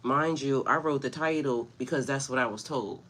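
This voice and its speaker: A woman's voice: very deep voice, moderate pace, a bit bright. A woman spiritual coach talking casually on a livestream, laughing often and greeting her viewers by name. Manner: loose, chatty storytelling.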